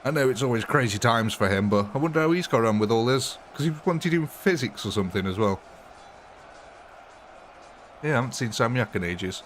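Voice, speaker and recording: A man livestreams a game, rambling casually to his viewers, greeting them by name and laughing often. His medium-pitched voice is animated and fairly quick, with a little hiss or hum in the audio.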